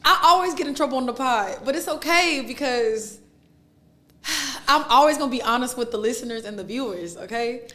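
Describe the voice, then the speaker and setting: A woman's voice: sits high, expressive, moderate pace, sharp tone. A woman co-hosting a podcast, playful and laughing often in casual chat. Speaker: podcast co-host.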